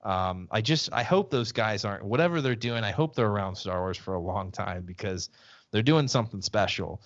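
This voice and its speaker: Guy co-hosting a chill podcast, kinda low voice, lots of ums and restarts, muffled call audio. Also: moderate pace. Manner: rambling storyteller with frequent restarts and fillers. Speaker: podcast co-host. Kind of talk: casual chat over a video call. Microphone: video call.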